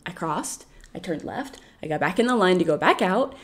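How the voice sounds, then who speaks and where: An American woman telling a travel story on a podcast in a casual, animated way, laughing often and acting out the people she quotes. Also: lowish voice, normal speed.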